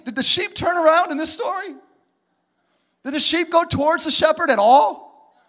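Man, pastor, very high voice, animated sermon, acts out dialogues, occasional shouts.

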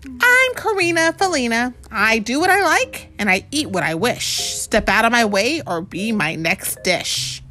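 A woman's voice: on the high side, sing-song, unhurried, bright, forceful tone, faint music behind, heavily acted. A woman voicing a bold, greedy female cat in a storybook read-aloud, boasting in a sing-song way. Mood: boastful.

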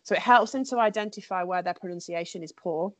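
A French teacher with a fairly low voice talks fast in a casual, enthusiastic conversation, using many fillers and restarting her sentences. The recording has no echo.

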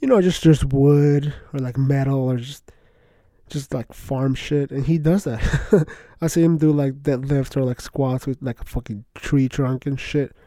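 A young man hosting a podcast, rambling excitedly in casual slangy chatter, full of "bro" and "like". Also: mid-range voice, unhurried, no room sound. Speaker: podcast host. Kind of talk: casual solo podcast talk.

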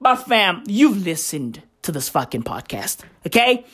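A woman hosting a comedy podcast, ranting loudly with constant swearing and bursts of laughter. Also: fairly low pitch, big pitch swings, unhurried, breathy edge. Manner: profane, rowdy, loud and laughing. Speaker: podcast host.

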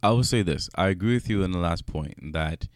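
A low-voiced man of Jamaican descent in a relaxed podcast chat, voice pitched a little under the usual. He talks with animation, restarting and repeating phrases, on a dry, close mic with no room sound. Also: a little fast, no room sound. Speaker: podcast co-host. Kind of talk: casual chat.

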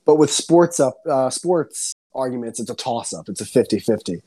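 Excitable ranting young man, podcast chat. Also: normal speed, breathy edge. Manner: excitable ranting, heavy swearing, swings up high when worked up. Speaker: podcast co-host. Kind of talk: casual chat.

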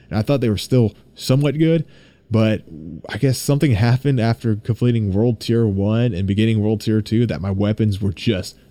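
A man's voice: fairly low pitch, warm tone, dry recording. A young man hosting a casual solo gaming podcast, rambling, swearing freely and getting worked up as he vents. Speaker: podcast host and streamer.

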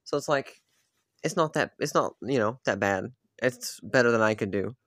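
A young man talks loosely through a solo podcast episode, circling his point with fillers and restarts. His voice sits at an ordinary middle pitch. The sound is dry and close, with no room in it. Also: normal speed, fairly bright tone, dry recording. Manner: rambling, full of "like" and restarts. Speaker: podcast host. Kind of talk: casual solo podcast chat.

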